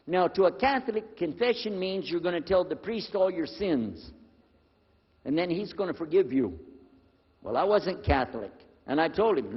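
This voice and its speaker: An older man telling a personal story to an audience, lively and acting out the dialogue in a husky voice. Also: sits high, normal speed. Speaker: speaker telling his conversion story. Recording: dull lo-fi recording with long hall reverb.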